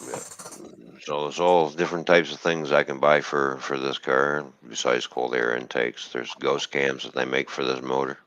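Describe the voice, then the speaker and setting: A man's voice: extremely low pitch, level tone, normal speed, a bit bright, dry recording, lo-fi sound. A man chatting casually on a live stream, joking and rambling through car engine details. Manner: rambling, jokey, explains car engine specs. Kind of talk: casual chat.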